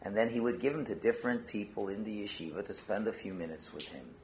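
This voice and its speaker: A man teaching through storytelling, animated and conversational, swinging between loud stretches and hushed ones. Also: fairly low pitch, fast talker, a little hiss or hum. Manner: conversational asides and restarts. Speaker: Torah teacher. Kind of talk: storytelling talk.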